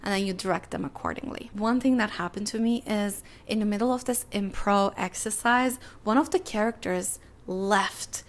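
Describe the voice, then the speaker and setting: A young adult woman hosting a podcast, giving casual filmmaking advice in a chatty, animated way and acting out little exchanges. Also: medium pitch, normal speed, few pauses.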